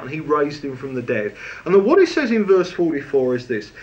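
Man, sermon, humorous conversational preaching, slightly high voice, muffled recording. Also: big pitch swings, brisk. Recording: dull lo-fi recording.

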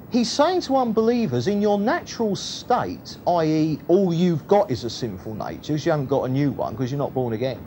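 A man preaching a sermon, shifting between loud emphasis and quiet, low asides. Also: a little hiss or hum. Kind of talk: sermon, Bible teaching.

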